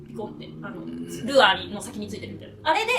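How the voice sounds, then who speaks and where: A mother chatting casually, telling a story in a rapid, chatty way. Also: medium pitch, big pitch swings, roomy sound, recorded from a distance, crowd noise. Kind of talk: casual chat.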